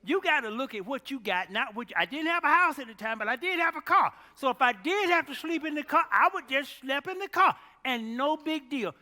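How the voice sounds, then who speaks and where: A man preaching a storytelling sermon, animated, exclaiming loudly at times and dropping to a hush at others. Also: extremely high pitch, brisk, few pauses, in a large hall.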